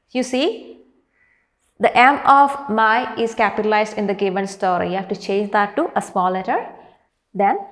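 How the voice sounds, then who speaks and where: A woman teacher giving an online class lesson, stretching out words slowly as she models their pronunciation. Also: medium pitch. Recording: echoey room with long reverb.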